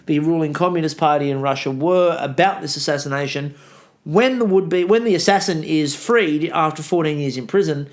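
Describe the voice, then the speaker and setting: A man's voice: fairly high pitch, moderate pace. A male history teacher co-hosting a casual podcast, sarcastic and joking, rambling with restarts.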